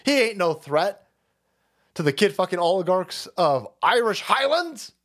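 A loud, profane male livestream host who rants about the news and riffs on his chat. His pitch sits fairly high for a man and leaps wildly from low mutters to yelps, with frequent laughter and whoops. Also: sing-song, measured pace. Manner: foul-mouthed, rowdy, laughs and shouts often. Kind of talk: crude political rant with live chat.

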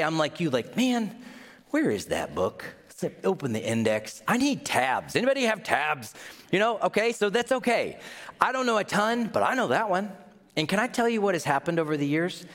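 A man preaching a sermon in a conversational, animated way, often rising to excited exclamations. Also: on the high side. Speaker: pastor. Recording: long hall reverb.

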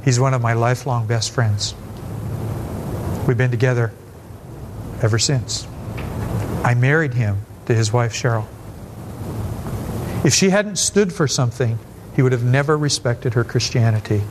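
An older man in his seventies preaches a sermon in a blunt, storytelling way, his voice sitting at a plain middle pitch. He tosses in quick asides and lifts his voice for emphasis. A faint noise hums under the recording. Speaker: pastor.

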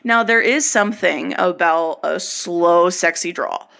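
A woman's voice: lowish voice, unhurried, creaky, fairly bright tone. A woman with a subtle Southern US drawl co-hosting a casual podcast chat, blunt and profane.

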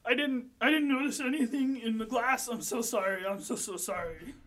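A woman's voice: fairly high pitch, normal speed, fairly bright tone, voice pushed up, close to an everyday voice. A woman voicing a drunk, frantic male bartender who keeps stammering apologies. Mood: flustered.

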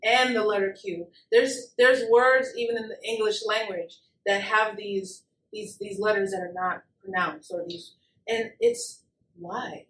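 A woman's voice: mid-range voice, measured pace, a bit bright. A woman co-hosting a casual chat, giggly and enthusiastic. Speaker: co-host. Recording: echoey room, mic at a distance.

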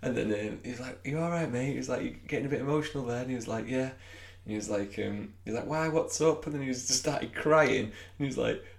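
A man's voice: mid-range voice, quick pace, gravelly, few pauses. A man co-hosting a football podcast, chatting loosely, rambling and laughing at himself. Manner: rambling, self-mocking, laughs often. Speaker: podcast co-host. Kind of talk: casual chat.

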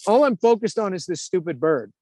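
A man in his fifties, once a hockey goalie and now a TV analyst, tells a story in a relaxed interview. His voice is high and a little quick, recorded dry with no room sound, and he's animated, acting out quotes and saying "like" a lot.

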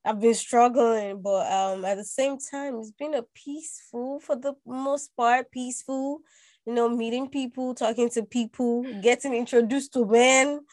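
A high-voiced woman from Nigeria co-hosts a podcast in easygoing casual chat. She is a bit sick, so her voice sounds under the weather, and her manner is laid-back and soft-spoken. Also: fairly even intonation, measured pace. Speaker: podcast co-host.

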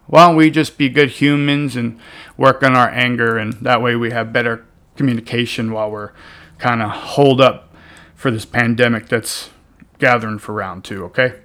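A man talking casually and bluntly as he gives relationship advice, swearing now and then and punching key words loudly before dropping into softer asides. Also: medium pitch, moderate pace. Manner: blunt, animated, swears casually, swings between loud emphasis and soft asides.

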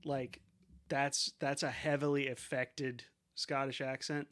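A man's voice: mid-range voice, level tone, slow pace, fairly bright tone. A man co-hosting a podcast in casual chat, rambling and swearing, often restarting his sentences. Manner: rambling, profane, restarts a lot. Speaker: podcast co-host.

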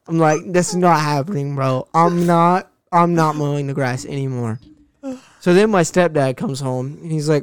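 A young man, co-host of a casual podcast, telling a profane, animated story about his day. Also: on the high side, normal speed, clear, resonant tone, no room sound, clean studio sound.

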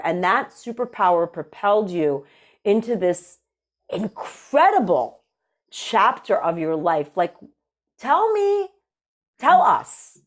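A woman hosting a podcast interview, effusive and encouraging, her voice dropping low and soft on heavy topics. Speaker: podcast host. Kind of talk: emotional interview conversation.

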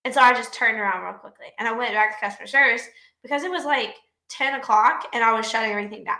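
Brief: podcast co-host, woman, bright and sharp voice, cussing storyteller. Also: fairly high pitch, fast, roomy sound. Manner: profane, animated storytelling with laughs. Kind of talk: casual storytelling chat.

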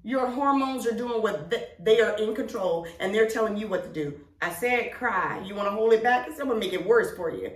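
Woman co-host chatting, emphatic and lively, echoey room, a bit far from the mic. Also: mid-range voice, a little fast, hardly any pauses. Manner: animated, emphatic storytelling. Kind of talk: casual chat. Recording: roomy echo, distant mic.

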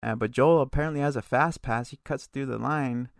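A podcast co-host recaps a TV episode in relaxed, casual chat, his mid-range voice gravelly and full of vocal fry. He's loose and profane, tossing in quick asides, and the sound is dry and close with no room sound.

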